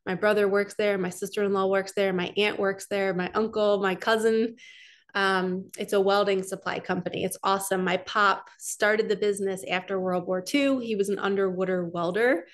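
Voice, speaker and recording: A woman's voice: medium pitch, steady tone, normal speed. A woman giving a casual oracle card reading, talking earnestly and rambling a little as she speaks straight to her viewers. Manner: earnest, chatty and rambling, addressing viewers directly. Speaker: spiritual coach doing card readings.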